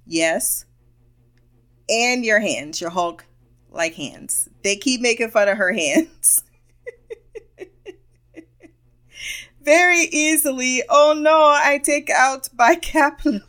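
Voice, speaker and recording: A woman's voice: on the high side, slow, pauses often, a bit bright. A woman giving a casual, playful recap of a cartoon episode, amused as she retells the scenes. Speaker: show reviewer.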